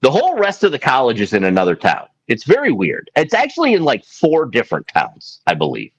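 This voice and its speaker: A man's voice: mid-range voice, huge pitch swings, fairly quick, breathy edge, dull audio. A man hosting a casual sports podcast, playful, reading out viewer comments. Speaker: podcast host. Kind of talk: casual chat.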